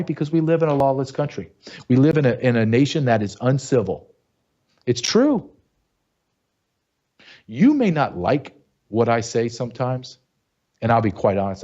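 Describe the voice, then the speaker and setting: A man's voice: mid-range voice, darkish tone. A middle-aged man hosting an opinion show, talking bluntly and emphatically and firing off rhetorical questions. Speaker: show host. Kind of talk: opinion commentary. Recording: dull lo-fi sound.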